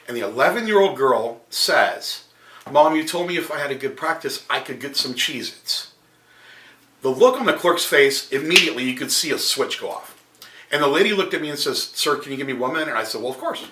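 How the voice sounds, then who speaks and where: A man's voice: medium pitch, bright, forceful tone, echoey room. A man giving a motivational business coaching tip, speaking straight to viewers as an upbeat storyteller.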